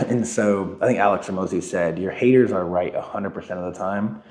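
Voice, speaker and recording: A man's voice: low voice, normal speed, darkish tone, roomy sound. A young man co-hosting a podcast, casual chat, thinking aloud with lots of "like" and restarts. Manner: reflective, filler-heavy conversational talk. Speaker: podcast co-host.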